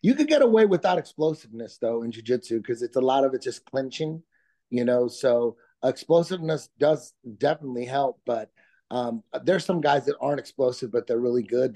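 A man's voice: medium pitch, warm tone. A middle-aged man talking casually as an interview guest, laid-back, with frequent restarts and easy laughs. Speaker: guest, comedian and jiu-jitsu instructor.

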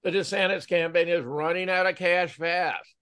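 Male host, measured newsreading delivery, light-pitched. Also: steady tone, a bit bright, clean tone. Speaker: show host. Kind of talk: reading news stories.

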